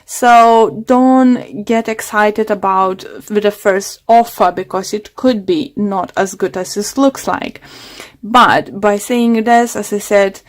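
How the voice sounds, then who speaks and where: A woman's voice: mid-range voice, slow pace. Woman tarot reader losing her voice. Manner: hesitant, many fillers and restarts. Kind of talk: casual tarot reading monologue.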